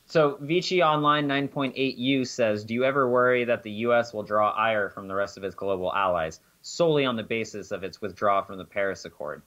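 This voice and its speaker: A man's voice: on the low side, brisk, few pauses, fairly bright tone, lo-fi sound. A man co-hosting a podcast in a casual, wry way, reading listener comments, swearing casually and dropping jokey asides. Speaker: podcast co-host.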